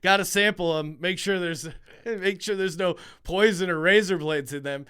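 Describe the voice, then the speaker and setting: A man's voice: high voice, normal speed, a bit bright, clean tone, voice pushed up. A man voicing his teasing middle-aged father in a breezy, offhand way. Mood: mock serious. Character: teasing middle-aged dad, casual and sly.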